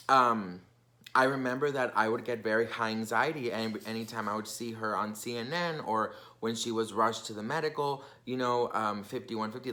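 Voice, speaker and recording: A young man telling a casual storytime on his vlog. He talks in a chatty, gossipy way, full of fillers. His voice has a bright, forceful edge. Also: mid-range voice. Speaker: vlogger.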